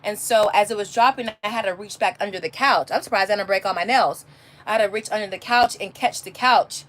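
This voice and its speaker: In a casual live chat captured on a phone or webcam, a homeschooling mother from California tells rambling stories that keep starting over. She speaks a little fast in a mid-range, slightly bright voice.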